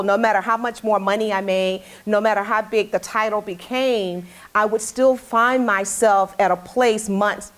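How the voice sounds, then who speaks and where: Candid woman telling a heartfelt story. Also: mid-range voice. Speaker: talk show host interviewed as guest. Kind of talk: casual interview storytelling.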